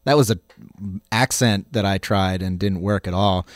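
A man's voice: low voice, normal speed, dry recording, studio quality. A man working as a radio DJ, chatting casually between songs in a rambling, sarcastic and self-mocking way.

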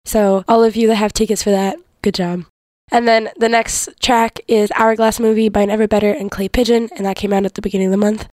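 A young woman hosting a radio show in a casual, chatty way, her voice hoarse and worn. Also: mid-range voice, flat delivery, a little fast, darkish tone, no room sound. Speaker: radio host.

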